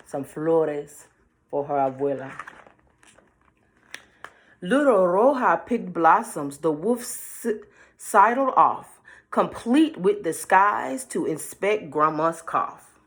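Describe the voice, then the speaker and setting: A woman reading a picture book aloud and chatting playfully to the listener about the pictures. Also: deep voice. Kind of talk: read-aloud with chatty commentary.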